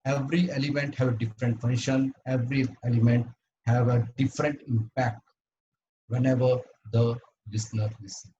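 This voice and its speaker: A man's voice: mid-range voice, level tone, dark tone, muffled recording, slight background noise. Earnest man. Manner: earnest, halting delivery with frequent restarts. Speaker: club speaker. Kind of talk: prepared educational speech at an online meeting.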